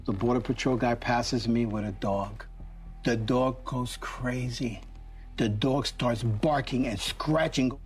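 A man's voice: medium pitch, slow pace, faint music behind. A male radio talk show host telling stories casually, acting out quotes with animation.

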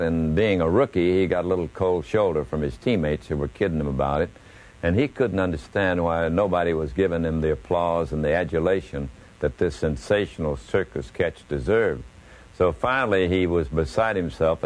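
An older man, a baseball broadcaster, telling stories from his career at an unhurried pace. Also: low voice, rough recording. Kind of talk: reminiscing storytelling.

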